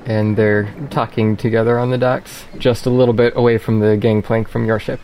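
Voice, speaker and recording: A man running a tabletop game as game master, describing the scene in a calm, even way. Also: lowish voice, moderate pace, slight background noise.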